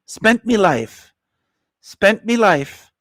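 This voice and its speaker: A man putting on an Irish accent to voice a rueful man looking back on his life, in a drawn-out, sing-song way. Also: high-pitched, sing-song, fairly bright tone, dry recording, clean studio sound, voice pushed up, heavily acted.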